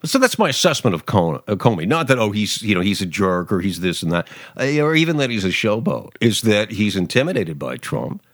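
A sarcastic man talking through political commentary in a casual, lively way. His voice sits fairly low and swings widely in pitch. The sound is dry and close, with no room echo. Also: a little fast. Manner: sarcastic, animated, mocking voices with laughs.

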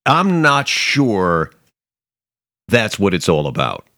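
Deep-voiced man hosting a political podcast. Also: huge pitch swings, slow pace, pushed and bright, no echo, studio quality. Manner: rambling, emphatic, with many restarts and mocking quoted voices. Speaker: podcast host. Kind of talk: opinionated political commentary.

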